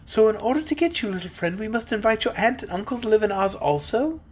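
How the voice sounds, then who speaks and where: Man voicing kindly fairy girl queen, gracious, formal, raised soft voice, breathy, lilting. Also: high-pitched, animated, fast talker, voice pushed up. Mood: tender.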